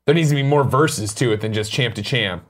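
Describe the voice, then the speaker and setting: A man hosting a morning show, talking in animated, jokey bursts and saying he is out of breath. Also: medium pitch, brisk. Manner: animated, jokey, bursts of loud sing-song. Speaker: host. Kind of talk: casual morning show banter. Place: studio.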